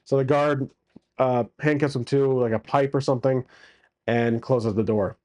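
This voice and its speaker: A man's voice: mid-range voice, steady tone, moderate pace, darkish tone. A man casually narrating a solo tabletop game as its game master, with crude jokes and many fillers.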